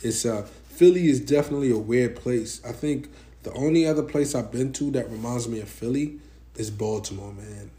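A man's voice: medium pitch, moderate pace, dark tone. A young man chatting casually in slangy, joking banter with a friend. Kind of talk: casual chat. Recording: echoey room, faint background noise.

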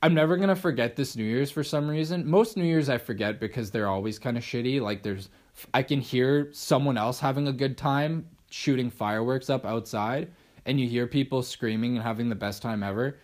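A man's voice: medium pitch, a little fast, darkish tone. A young man hosting a podcast, rambling casually on his own with lots of swearing and restarts. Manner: rambling, profane, restarts often. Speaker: podcast host. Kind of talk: casual solo monologue.

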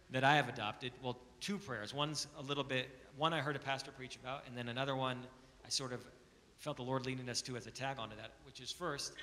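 Bright-voiced man preaching in a hall. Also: mid-range voice. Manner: builds from calm to loud urgent pleading. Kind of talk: sermon. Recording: long hall reverb.

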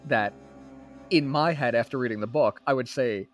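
A young man co-hosting a podcast, talking in a casual, animated way and laughing often. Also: medium pitch, normal speed, faint music behind. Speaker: podcast co-host. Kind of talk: casual chat.

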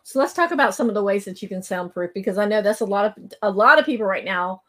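Brisk woman hosting a podcast. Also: mid-range voice, animated, a bit bright. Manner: brisk, eager questions. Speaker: podcast host. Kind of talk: interviewing a guest.

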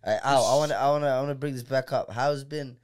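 A man's voice: mid-range voice, steady tone, fast, over a noisy crowd. A young man in casual chat, talking in a laid-back, slangy way. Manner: slangy, laid-back, explains with "bro" and "innit".

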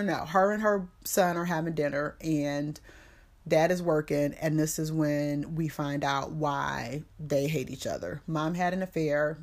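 A woman hosting a podcast, recapping a movie in a casual, profane, slangy way. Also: low voice. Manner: profane, slangy storytelling with quoted voices. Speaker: podcast host.

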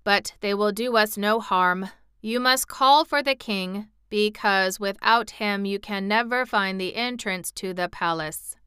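Woman reads slow, formal clockwork man. Bright, crisp, very clear. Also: medium pitch, no room sound, studio quality. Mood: calm. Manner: slow, deliberate, precise.

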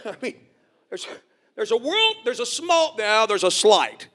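A middle-aged man preaching a sermon. He calls for amens, jokes folksily, and swells to shouts. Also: sits high, expressive, normal speed. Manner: folksy, joking asides.

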